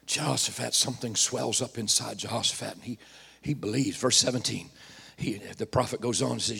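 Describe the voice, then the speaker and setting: A man's voice: mid-range voice, fairly quick, gravelly, pushed and bright, breathy edge. A man preaching a sermon, calling out to the congregation with rising fervor. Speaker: pastor.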